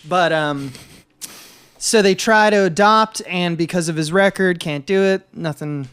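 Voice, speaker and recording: A man on a film podcast, recapping the plot in a loose, meandering way, filling the gaps with "uh" and "like." His voice is slightly high for a man and smooth and clear. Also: unhurried, fairly bright tone. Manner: rambling, full of "uh" and "like". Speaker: podcast co-host. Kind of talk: casual film discussion.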